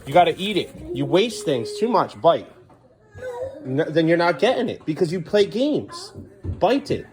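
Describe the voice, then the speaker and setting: Lively-voiced parent at home with kids. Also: medium pitch, a little slow. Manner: firm but patient, drifting between coaxing the kids and venting to camera. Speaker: parent caring for two young children. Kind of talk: casual home vlog, talking to kids and camera. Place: indoors at home, bathroom area.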